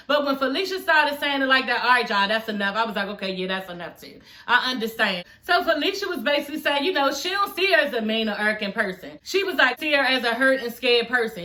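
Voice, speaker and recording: A woman's voice: a little high, bright, forceful tone. A woman giving a casual TV show review on her vlog, blunt and profane, chatting straight to her viewers as y'all.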